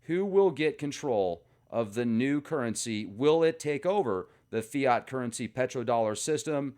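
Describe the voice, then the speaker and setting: A man's voice: mid-range voice, lively intonation, normal speed, darkish tone. A man hosting a casual commentary video, joking and rambling between topics. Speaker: video host.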